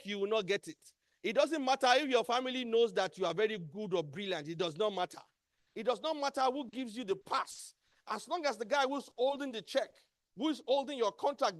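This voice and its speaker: A workshop trainer with a Nigerian accent gives an emphatic motivational training talk, repeating key words as he quizzes his audience. His voice is extremely high-pitched, recorded dry with clean studio sound.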